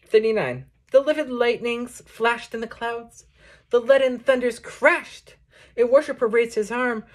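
A woman reading a collection of poems aloud in a slow, measured recitation. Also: a little high. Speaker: poetry reader. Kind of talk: poetry audiobook reading.

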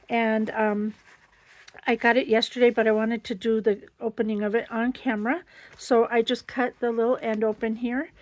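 A woman with a slightly high voice hosts a casual crafting vlog, chatting warmly and exclaiming over each little item she pulls out. Her sound is close and dry, with no room around it. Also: dry recording. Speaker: crafting channel host.

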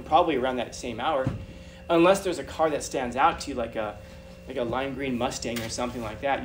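Man telling stories to an audience, distant mic. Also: medium pitch. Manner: animated, chatty, repeats phrases. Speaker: guest speaker. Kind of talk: storytelling talk to an audience. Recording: distant mic with background noise.

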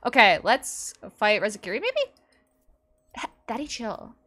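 A woman game streamer chatting live with viewers, excitable and gushing, swearing often and squealing and laughing between lines. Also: fairly high pitch, measured pace. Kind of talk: casual live-stream chat.

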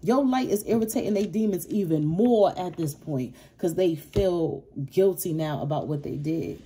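A woman's voice: fairly low pitch, animated, moderate pace, warm tone, husky. Blunt, profane woman reading tarot. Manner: blunt, profane, heated, mimics others in raised voice. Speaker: tarot reader.

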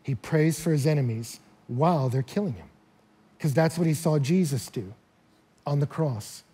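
Husky pastor guy preaching, kinda high voice, gets loud and emphatic on the big points. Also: moderate pace. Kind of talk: sermon. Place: church hall.

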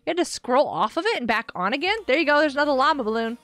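A woman's voice: sits high, expressive, very fast, a bit bright, no echo. A woman live-streaming a game, chatting and giggling often while answering her chat.

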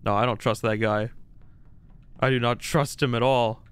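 A man's voice: medium pitch, fairly even intonation, moderate pace, smooth. A man streaming a game live, talking to his viewers and teammates in a playful, mock-boastful, chatty way.

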